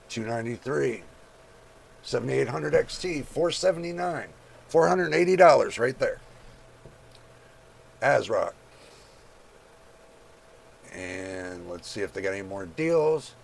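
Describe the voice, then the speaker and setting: A man with a heavily gravelly, creaky voice at a middle pitch, talking loosely through a list of prices. He reads figures off the screen in a casual way and drops chatty asides to his viewers. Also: slight background noise. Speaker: channel host. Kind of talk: casual screen-share commentary.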